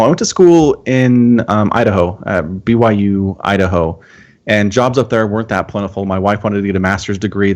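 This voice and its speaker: A man from Utah, a guest on a casual live-stream chat, explaining things in a relaxed, storytelling way. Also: lowish voice. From Utah, USA. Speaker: podcast guest.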